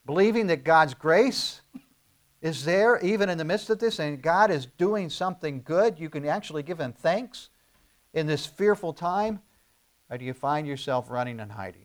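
A male pastor preaching a sermon, asking the congregation rhetorical questions and slowing down to stress key phrases. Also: mid-range voice. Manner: rising to emphatic, slowed declarations on key phrases.

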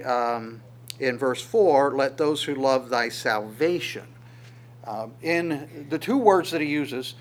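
Halting man leading a Bible study. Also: medium pitch. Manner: halting, thinking aloud with many pauses. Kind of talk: informal Bible study teaching.

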